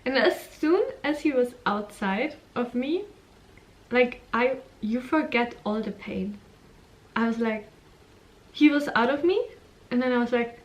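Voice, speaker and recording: Young woman vlogging, slow unhurried talk, lots of giggles, acts out the voices in her story. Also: fairly high pitch, animated. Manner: candid, giggly, acts out quotes. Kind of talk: casual storytelling vlog.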